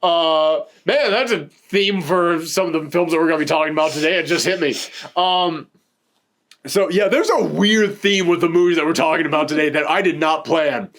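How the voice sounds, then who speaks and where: A man's voice: fairly high pitch, normal speed, fairly bright tone. A man hosting a casual film review chat, rambling and laughing often while sitting on a couch. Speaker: podcast host reviewing films.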